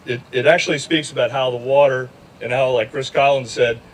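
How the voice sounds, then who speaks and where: A man's voice: medium pitch, fairly even intonation, fairly quick, rough recording. A man, a journalist, speaking wryly and conversationally before reading aloud to a rally crowd. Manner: wry, conversational. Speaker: outdoors journalist. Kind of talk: speech with reading. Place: outdoors at a riverside lock.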